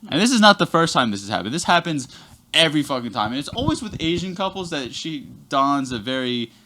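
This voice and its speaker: A man's voice: fairly high pitch, animated, brisk, sharp tone. A young man telling a rambling workplace story on a podcast, swearing constantly and talking animatedly. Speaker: podcast guest. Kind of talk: casual podcast chat, storytelling.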